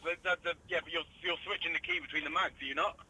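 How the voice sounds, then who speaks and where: A man calling in to a live stream, bantering quickly and laughing. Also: on the high side, creaky, bright, forceful tone, slightly rough, rough recording. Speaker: phone-in caller. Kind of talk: casual phone chat.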